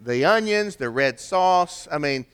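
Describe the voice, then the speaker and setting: A man's voice: a little high, expressive, unhurried, fairly bright tone, clear, resonant tone. An older man, preaching a sermon in a folksy storytelling way with rhetorical questions. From American South. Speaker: pastor.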